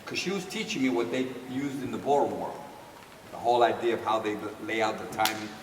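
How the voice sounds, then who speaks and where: An older man recounts his story with lively, laughing energy, slipping into the voices of the people he quotes. He sounds distant from the mic, his voice ringing through a large hall. A steady wash of background noise sits beneath the talk. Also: fairly low pitch, quick pace. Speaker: dance teacher telling a story. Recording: echoey hall from far off with noise.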